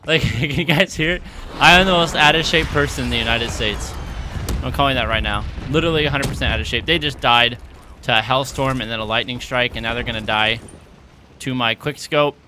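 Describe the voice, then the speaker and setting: A young man commentating his video game play, out of breath, excitable and yelling at big moments. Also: medium pitch, brisk, noisy background. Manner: excitable, shouts at big plays, self-mocking. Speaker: gaming YouTuber. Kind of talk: gameplay commentary. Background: game gunfire and explosions.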